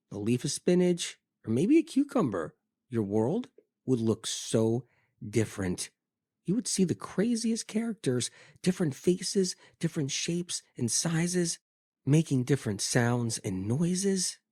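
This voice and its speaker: Man, scripted health monologue, lively swooping pitch, dry close sound, emphatic storyteller. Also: a little slow, slightly rough, no room sound. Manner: vivid storytelling, emphatic repetition. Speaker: health speaker.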